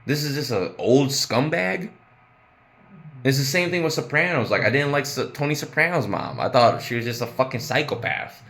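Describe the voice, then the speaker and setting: A man's voice: mid-range voice, animated, moderate pace, a bit bright. A man ranting casually about a TV episode, exasperated and profane, laughing at his own jokes. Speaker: TV show reviewer. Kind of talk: casual profane review rant.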